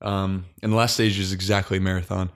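Low, flat-voiced young man chatting. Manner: halting, frequent restarts and fillers. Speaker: podcast guest telling a race story. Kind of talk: casual chat.

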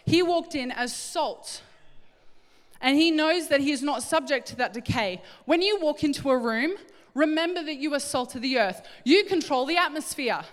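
A middle-aged woman preaching a sermon, animated and acting out little scenes in different voices. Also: high-pitched, moderate pace. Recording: echoey hall with long reverb.

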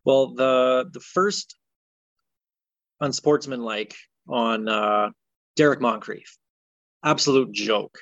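A man's voice: mid-range voice, slow, vocal fry, pauses often, no echo. Podcast co-host, man, exasperated sports ranter, dry dull lo-fi sound. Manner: exasperated ranting, animated. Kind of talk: casual sports chat.

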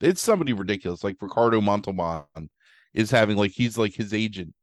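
A man's voice: lowish voice, animated, fast talker, no room sound, studio quality. A man chatting casually as a podcast co-host, rambling through a movie recap full of "like" and "um" while acting out quotes. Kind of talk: casual chat.

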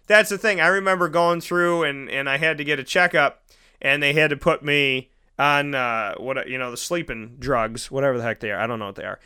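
A man's voice: medium pitch, brisk, pushed and bright, clean tone. A young man hosting a casual monologue, rambling through personal stories and acting out the people in them. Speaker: podcast host.

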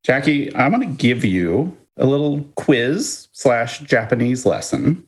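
A man co-hosting a podcast, chatting casually and telling stories in a playful, lively way with chuckles. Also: medium pitch, a little slow. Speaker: podcast co-host.

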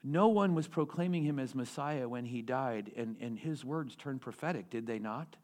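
A male pastor delivering a sermon in an animated way, using rhetorical questions and repeating key phrases for emphasis. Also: medium pitch, moderate pace.

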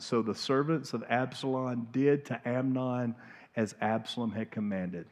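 A man preaching a sermon in a church, emphatic, swinging from hushed to loud and pleading. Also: medium pitch, fairly even intonation, unhurried. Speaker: pastor. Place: church sanctuary.

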